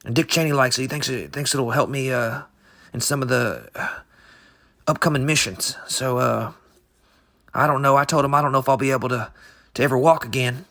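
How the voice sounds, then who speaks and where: A man co-hosting an improvised comedy podcast, rambling in halting, absurd deadpan. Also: mid-range voice. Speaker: podcast co-host.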